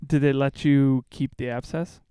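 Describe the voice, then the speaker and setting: A man's voice: mid-range voice, fairly even intonation, normal speed, dark tone, clean tone. A man co-hosting a casual podcast who laughs often and asks teasing questions. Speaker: podcast co-host.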